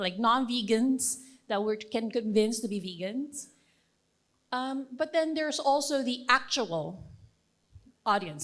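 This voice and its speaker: A fairly high-voiced woman speaks at a conference. She talks to the audience like friends, casual and encouraging, leaning on fillers as she thinks aloud. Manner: conversational, encouraging, with many fillers. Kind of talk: conference presentation.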